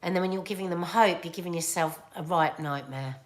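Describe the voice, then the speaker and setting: A middle-aged woman with a British accent, hosting a casual livestream chat and telling stories in an animated, chatty way. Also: fairly low pitch, a little fast. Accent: British English. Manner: animated, chatty storytelling with laughs and asides. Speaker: livestream host reading viewer comments.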